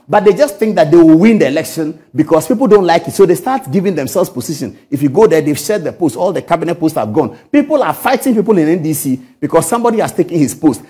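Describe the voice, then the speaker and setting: A man's voice: high-pitched, darkish tone. A middle-aged man hosting a TV talk show, giving emphatic political commentary full of rhetorical questions. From Ghana.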